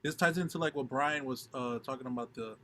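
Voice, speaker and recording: A man's voice: mid-range voice, a little fast, a bit bright. Chatty man with faint background noise. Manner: filler-heavy, repeats "like" a lot. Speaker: drummer guest on a stream. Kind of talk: casual chat.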